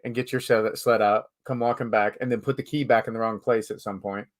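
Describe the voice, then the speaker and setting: A man hosting a casual live-stream chat, talkative and quick to laugh. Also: fairly low pitch, fairly even intonation. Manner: chatty, laughs easily. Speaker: live show host.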